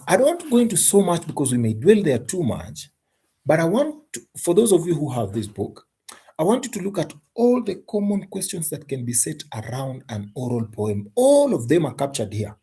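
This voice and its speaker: An English teacher leads an exam tutorial in a low, mellow voice with a husky edge. He speaks emphatically, repeats key points, and throws rhetorical questions at his students.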